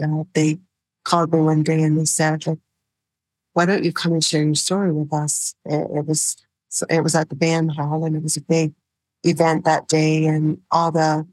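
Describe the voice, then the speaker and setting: A middle-aged woman telling her personal story in an interview, soft-spoken and halting, with many fillers. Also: low voice, no echo, poor audio. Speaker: guest, survivor sharing her story.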